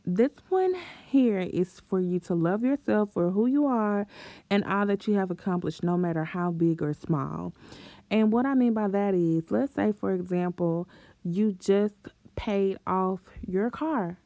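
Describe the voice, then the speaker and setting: A young woman vlogger talks to camera with casual, encouraging self-esteem advice, frequently laughing and tossing out playful exclamations. Her medium-pitched voice moves at normal speed, with vocal fry and a dark tone. There is no echo.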